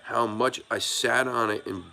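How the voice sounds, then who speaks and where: A man's voice: medium pitch, steady tone, a little slow, vocal fry, sharp tone. A man hosting a casual live stream, thanking viewers by name and talking earnestly in a rambling way with many restarts, moved by the support. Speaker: YouTube live stream host.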